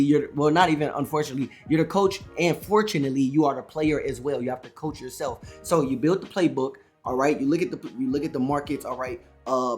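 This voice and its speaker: A man who runs a trading channel, talking to camera in a loose, rambling way, full of "all right" and "you know" and restarts, a little wired after a big coffee. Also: medium pitch. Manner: energetic, rambling, self-correcting, says "all right" and "you know" a lot. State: amped up on coffee. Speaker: day trading YouTuber. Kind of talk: casual to-camera trading advice.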